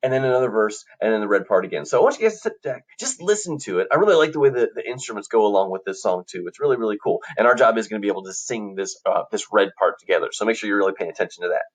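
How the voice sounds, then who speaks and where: A man's voice: fairly low pitch, expressive, racing, hardly any pauses. A man teaching a classroom music lesson, coaching students in an upbeat way and singing short examples for them to copy.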